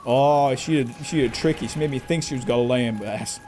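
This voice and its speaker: A man streams a game live, offering jokey commentary and trash-talking the boss and characters as he plays. His mid-range voice is brisk with a darkish tone, over a little hiss or hum.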